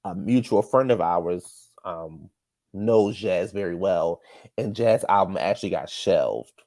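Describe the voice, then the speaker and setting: Gravelly, low-voiced man, dry close sound. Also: expressive, slow pace, darkish tone, no room sound. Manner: insistent, teasing storyteller who repeats himself for emphasis. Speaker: podcast co-host. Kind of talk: casual chat.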